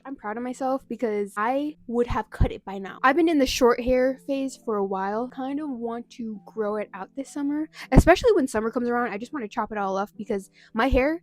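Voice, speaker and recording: A woman's voice: a little high, darkish tone. A woman in her twenties talking candidly to camera in a casual vlog chat, laughing often. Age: 20s. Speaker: vlogger.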